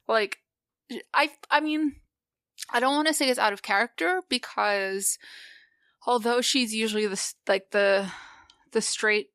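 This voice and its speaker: A woman's voice: on the high side, a little slow, pauses often, fairly bright tone, dry recording, clean studio sound. A woman guest on a podcast, rambling casually with lots of fillers and the odd swear.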